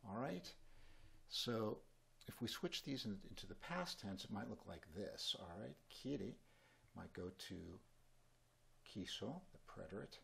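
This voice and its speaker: A man teaching a Spanish grammar lesson in at a whiteboard, explaining in a relaxed, chatty way with small asides. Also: lowish voice, a little slow, creaky, slightly rough.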